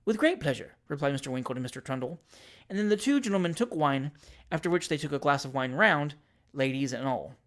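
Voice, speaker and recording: Measured narrator of a classic novel. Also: mid-range voice, expressive, fairly bright tone. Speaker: audiobook narrator.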